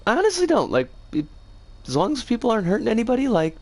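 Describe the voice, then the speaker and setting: A game streamer chatting casually on a livestream, rambling with playful slang, their voice rough and scratchy today. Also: medium pitch, huge pitch swings, fast.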